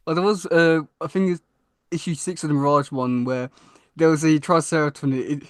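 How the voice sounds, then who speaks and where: A man's voice: fairly high pitch, fairly even intonation, a little fast, no echo, studio quality. A young man with a British accent, a podcast guest chatting casually, hesitant with many fillers and restarts. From Britain.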